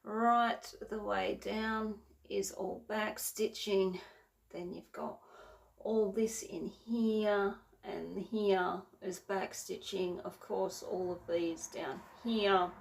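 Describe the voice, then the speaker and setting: A woman's voice: mid-range voice, steady tone, takes it slowly, creaky. A woman chatting casually about her cross-stitch projects, rambling and correcting herself as she goes. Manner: rambling, self-correcting, filler-heavy. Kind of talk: casual show-and-tell chat. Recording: roomy, from a distance.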